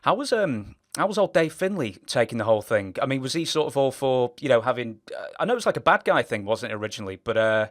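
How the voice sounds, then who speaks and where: A man's voice: mid-range voice, big pitch swings, fast, few pauses. A man interviewing a guest, asking loose, rambling questions full of fillers and laughing along. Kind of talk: casual interview.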